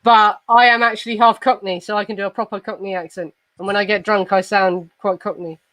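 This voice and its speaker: A woman's voice: medium pitch, flat delivery, fairly quick, fairly bright tone, no room sound, low-quality recording. A woman from southern England with an Estuary English accent, chatting casually as a podcast host, swearing freely and tripping over restarts. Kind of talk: casual chat.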